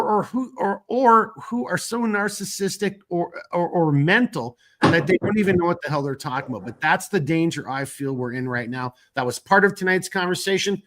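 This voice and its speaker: A man's voice: high voice, normal speed, few pauses, fairly bright tone. Rambling, swearing podcast host, man. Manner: rambling, swearing, restarts often. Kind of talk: casual late-night chat.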